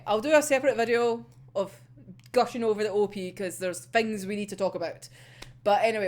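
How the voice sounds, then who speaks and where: A woman's voice: on the high side, a little mellow. A young adult woman with a Scottish accent, chatting casually about an anime episode, laughing often and swearing freely. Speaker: anime reviewer.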